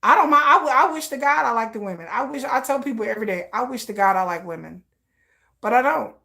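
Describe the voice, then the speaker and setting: A woman's voice: fairly high pitch, animated, fast talker, gravelly, pushed and bright. A woman telling candid personal stories in a blunt, profane way, with laughing asides. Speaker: vlogger.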